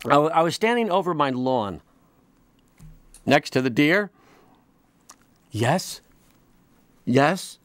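Animated man rambling through a comic monologue. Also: fairly high pitch, normal speed, long pauses. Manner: rambling, animated, with frequent restarts and mock voices. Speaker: comedy show host.

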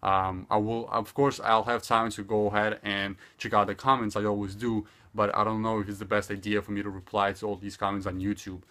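A young man teaching a casual online language lesson, repeating phrases slowly and deliberately with loose, chatty asides. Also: on the low side. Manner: slow deliberate repetition of phrases, relaxed filler-heavy asides.

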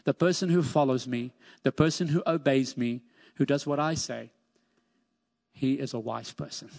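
A man's voice: mid-range voice, steady tone, normal speed, creaky, a little mellow. A man preaching a sermon as pastor, emphatic, repeating key phrases and lifting his voice on scripture. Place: church sanctuary. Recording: long church reverb.

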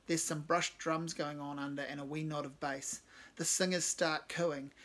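Guy reading his own story out loud, low-key, higher voice. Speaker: narrator.

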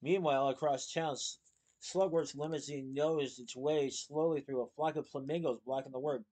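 A man reading a children's novel aloud in a plain, steady storytelling manner. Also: fairly high pitch, moderate pace. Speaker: reader.

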